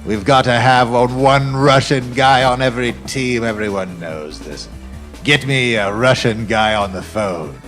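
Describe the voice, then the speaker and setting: A man's voice: medium pitch, measured pace, a bit bright, soft background music. A man hosting an improvised comedy sketch, playing a bossy, theatrical scheming boss. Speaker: host.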